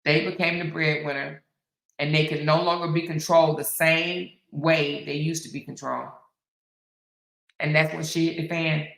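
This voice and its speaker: A woman hosts an opinionated commentary monologue, speaking emphatically and repeating her points. She keeps checking in with the listener. Her voice is bright and sounds roomy, with a noticeable echo. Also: sits low, little pitch movement, moderate pace, gravelly. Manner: emphatic, repeats phrases, frequent "right?". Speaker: commentary host.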